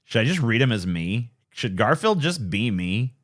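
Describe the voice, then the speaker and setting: A man's voice: mid-range voice, sing-song, normal speed. Rambling, cursing man on a late-night stream. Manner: rambling, profane, self-deprecating. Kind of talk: casual late-night livestream chat.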